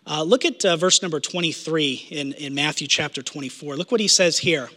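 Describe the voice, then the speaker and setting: Male pastor, high bright voice, earnest sermon delivery, long hall reverb. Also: a little fast. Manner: earnest preaching, repeats phrases for emphasis.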